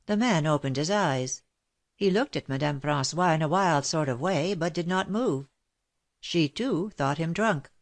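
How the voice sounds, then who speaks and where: A woman narrating a classic novel as an audiobook in a steady, measured reading. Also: deep voice. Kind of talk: scripted narration.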